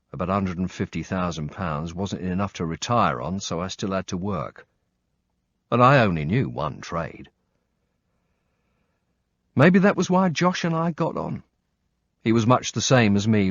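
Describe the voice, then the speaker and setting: A man's voice: low voice, dry recording. A man reading a first-person audiobook with dry, wry storytelling and blunt swearing, on slightly muffled audio. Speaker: audiobook narrator.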